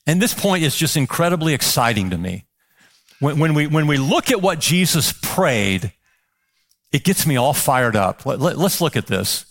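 A man's voice: a little high, big pitch swings, moderate pace, fairly bright tone. A male pastor preaching a sermon with passion, firing off rhetorical questions and repeating words as he builds.

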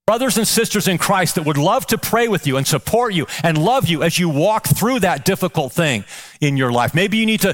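A man's voice: high-pitched, fairly bright tone. A male pastor preaching a sermon with passion, firing off rhetorical questions and repeating words as he builds.

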